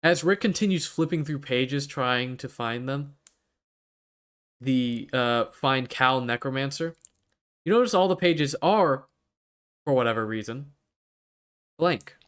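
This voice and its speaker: A man's voice: medium pitch, takes it slowly, pauses often, fairly bright tone, clear, resonant tone. A man narrating as game master in a tabletop game, in a playful storyteller manner.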